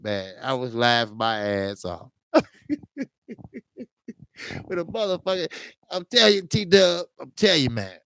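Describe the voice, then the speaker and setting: A man's voice: a little high, creaky, fairly bright tone, clean tone, no echo, studio quality. A man hosting a casual boxing talk livestream, telling a funny story with slang, laughing often and tagging lines with "man". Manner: drawn-out, repeats "man". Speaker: host of a boxing talk stream.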